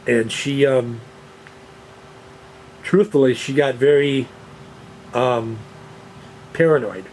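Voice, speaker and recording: Slow and steady, a man with a medium-pitched, darkish voice vlogs casually from home, holding a camera that moves around. Lots of fillers, rambling and repetition fill his chat. Slight background noise marks the poor audio.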